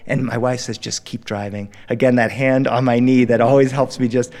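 A middle-aged man from Delaware telling a story live to a studio audience, animated and playful. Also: mid-range voice, a little fast. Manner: animated, warm, playful, acting out characters. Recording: long reverb in a studio hall.

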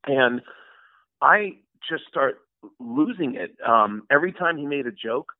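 A man chatting as a guest, spinning anecdotes with an animated, swinging delivery. He comes through a thin, phone-like line. The sound is dry and close. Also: a little slow, no room sound. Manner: animated storyteller, acts out quotes with big pitch jumps. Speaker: guest, voice actor and impressionist. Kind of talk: casual storytelling interview.

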